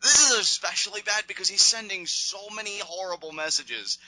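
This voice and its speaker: A man's voice: high voice, lively intonation, fairly quick, pushed and bright, no echo, low-quality recording. A man co-hosting a casual wrestling review show, opinionated and sarcastic, with long rambling asides. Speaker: podcast co-host.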